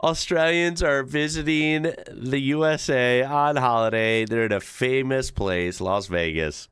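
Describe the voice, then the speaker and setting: A man's voice: medium pitch, measured pace, fairly bright tone, smooth, no echo, clean studio sound. A man hosting a casual reaction video, chuckling and making sarcastic asides. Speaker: reaction channel host.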